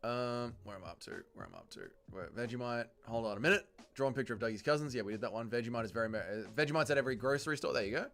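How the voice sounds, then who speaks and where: A young Australian man hosting a casual livestream, reading out viewer comments with loud laughter and plenty of swearing. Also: mid-range voice, lively intonation, racing, few pauses. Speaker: livestream host.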